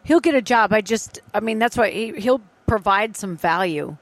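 A woman's voice: mid-range voice, normal speed, dry recording. Chatty woman, a former sportscaster. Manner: chatty, laughs at herself. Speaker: podcast guest, former sportscaster. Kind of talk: casual sports talk.

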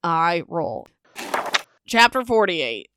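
A woman's voice: on the low side, very animated, takes it slowly, background noise. A young woman hosting a casual book recap podcast, talking in a sarcastic, dismissive way with lots of "like" and "whatever.".

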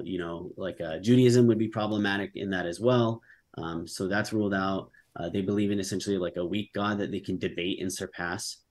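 A man's voice: low voice, darkish tone. A man answering a debate question off the cuff, rambling and full of fillers.

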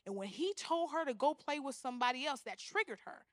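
A young woman preaching a sermon, animated, often acting out the voices she quotes. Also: high voice, fairly quick, no echo, studio quality. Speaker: guest speaker.

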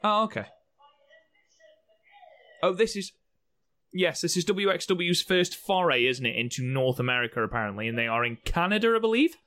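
A man's voice: fairly high pitch, very animated, normal speed, long pauses, bright, forceful tone. A man co-hosting a casual watchalong podcast, joking, swearing freely and laughing often. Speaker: podcast co-host.

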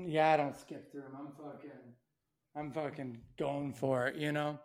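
A young man with a notably high voice talks bluntly on a casual podcast. He swears constantly and leans hard on his points. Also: level tone, normal speed. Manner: blunt, heavy swearing, emphatic. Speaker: podcast co-host.

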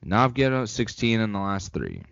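A man's voice: on the low side, huge pitch swings, brisk, creaky, a bit bright, no echo, lo-fi sound. A young man co-hosting a casual sports podcast, rambling and joking as he gives his opinions. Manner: laid-back, rambling, jokey. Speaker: podcast co-host.

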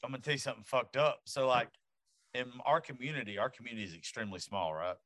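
A man's voice: mid-range voice, fast. A man hosting a podcast, telling blunt, profane stories about his daughter in a casual chat. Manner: profane, animated storyteller. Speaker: podcast host.

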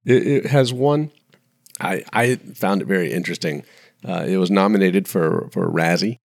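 A man co-hosting a movie podcast, joking around in an animated, chatty way. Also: deep voice, moderate pace, vocal fry, no echo, studio quality. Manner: animated, jokey, swoops up in surprise. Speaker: podcast co-host. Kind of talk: casual movie podcast chat.

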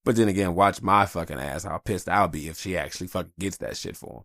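A man's voice: sits low, lively intonation, fast, creaky, a bit bright, no room sound, clean studio sound. A man hosting a solo podcast, talking casually in a rambling, profane, blunt way about his family and life. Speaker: podcast host.

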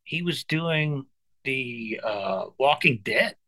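A man in his forties, a musician guest on a podcast, telling animated stories to an old friend. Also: mid-range voice, takes it slowly, no echo. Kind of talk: casual chat, storytelling.

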